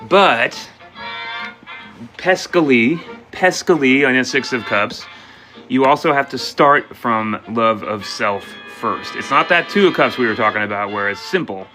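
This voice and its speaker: Casting: man, bright tone, tarot reader, playful and animated, soft music under the voice. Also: medium pitch, unhurried. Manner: animated and playful, talking straight to viewers; voices questions and answers as quoted speech. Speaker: tarot reader taking questions. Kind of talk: live tarot reading for viewers.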